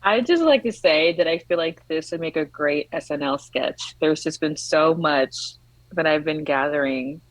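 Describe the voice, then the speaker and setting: A woman's voice: sits low, moderate pace, dry recording, low-quality recording. A woman guest, a digital creator, chatting eagerly on a video call. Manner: enthusiastic, chatty. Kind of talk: casual chat.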